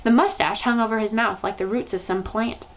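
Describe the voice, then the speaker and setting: A woman reads a children's novel aloud as a storyteller. Her voice sits slightly high and she keeps the narration lively and expressive. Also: fairly quick, low-quality recording.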